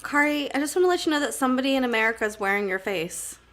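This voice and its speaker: A chatty woman co-hosting a casual podcast, telling quick stories and slipping into joke accents. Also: high voice, expressive, a bit bright. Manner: chatty storyteller, slips into other accents when joking. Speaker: podcast co-host.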